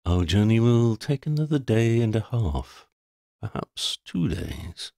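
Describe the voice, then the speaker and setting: A man reading a storybook, voicing a solemn, cloaked, six-fingered ferryman with a formal, deadpan manner. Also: fairly low pitch, a little slow, vocal fry, dry recording, clean studio sound, pitched above the performer's own voice, exaggerated voice.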